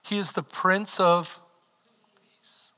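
A man preaching a sermon as pastor, swinging from shouted lines down to near whispers. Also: a little high, animated, measured pace. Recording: reverberant hall.

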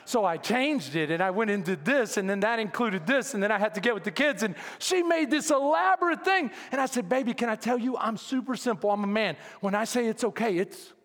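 A man's voice: sits high, expressive, fairly quick, hardly any pauses, a bit bright. A male pastor with a Texan accent, preaching a sermon with humorous stories and acted-out dialogue, calling for amens. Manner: humorous storytelling, acts out dialogue, calls for amens. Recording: long hall reverb.

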